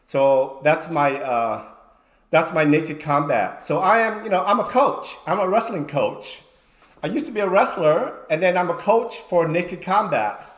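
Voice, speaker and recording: A man who coaches wrestling, telling a story in casual livestream chat, swearing freely and acting out shouted lines. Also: a little high, echoey room.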